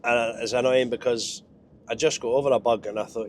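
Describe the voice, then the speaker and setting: A man's voice: medium pitch, steady tone, a little fast, a little mellow, a little hiss or hum. A Scottish truck driver with a head cold and a nasal voice, chatting wryly and mocking himself as he drives. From Scotland. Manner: chatty, self-mocking, wry. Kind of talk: casual driving vlog. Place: truck cab.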